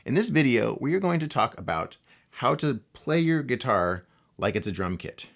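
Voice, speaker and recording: A man teaching a casual guitar lesson, speaking in a relaxed way and often checking in with the viewer. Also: mid-range voice, moderate pace. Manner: relaxed, talks to the viewer with frequent "right?" and "okay?". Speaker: guitar instructor.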